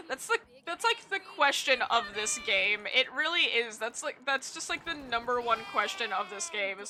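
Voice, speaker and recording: Casting note: young woman streamer, blunt and profane, bright voice, faint game music behind. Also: on the high side, lively intonation, moderate pace. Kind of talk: casual chat while gaming.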